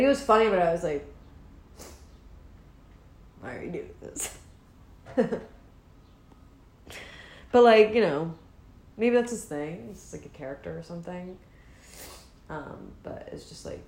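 Young woman podcasting solo, lowish voice, rambly and self-mocking, kinda echoey room. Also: darkish tone. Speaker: podcast host. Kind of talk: casual solo chat. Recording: roomy with faint hiss.

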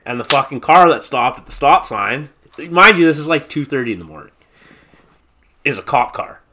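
A man's voice: mid-range voice, lively intonation, normal speed, noisy background. A man in his thirties, a podcast guest, telling a long rambling story in casual chat and swearing freely. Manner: rambling, heavy swearing, laughs through the story.

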